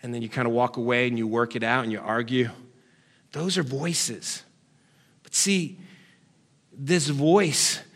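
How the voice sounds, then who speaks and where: High-voiced guy preaching, lots of did-you-hear questions, gets loud then drops real quiet, does nagging mom and dad voices. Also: creaky. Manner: puts on nagging family voices for comic effect. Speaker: pastor. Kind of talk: sermon.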